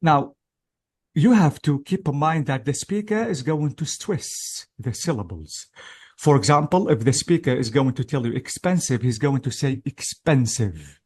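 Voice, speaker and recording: This English test-prep teacher has an expressive voice on the high side, a little mellow with a breathy edge, and talks at a moderate pace. He walks through an exam practice lesson patiently step by step, hesitating often and checking in with learners.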